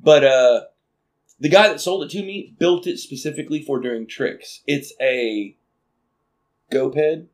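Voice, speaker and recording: A man's voice: medium pitch, unhurried. A man from Arkansas with a light Southern accent, chatting casually and laughing often as he swears and tells stories. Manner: laughing, swearing, animated storytelling. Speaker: podcast co-host. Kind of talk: casual chat.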